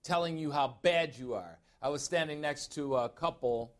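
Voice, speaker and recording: A middle-aged pastor-teacher from Chicago, USA, preaches a sermon in a slightly high voice at normal speed. He's emphatic and puts direct questions to his congregation.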